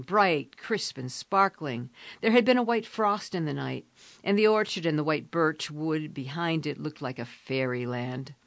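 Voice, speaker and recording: Woman narrator, low gravelly voice, dry close sound, expressive audiobook reading. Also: no echo.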